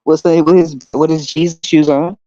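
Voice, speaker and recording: A woman's voice: sits low, flat delivery, moderate pace, dark tone, highs cut off, slight background noise. Blunt profane woman podcaster. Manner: blunt, profane, laughing, mocking voices. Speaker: podcast host. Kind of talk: casual solo commentary.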